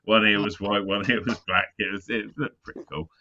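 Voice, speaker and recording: A man's voice: fairly low pitch, fairly even intonation, a little fast, bright, forceful tone, slight background noise. A man rambling through school memories in a casual chat, laughing and swearing as he talks. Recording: muffled sound.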